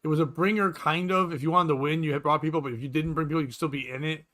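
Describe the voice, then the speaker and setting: Bright, animated New man. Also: a little high, very fast. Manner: loud, animated storyteller, swears freely, does voices. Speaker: podcast co-host. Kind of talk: casual chat.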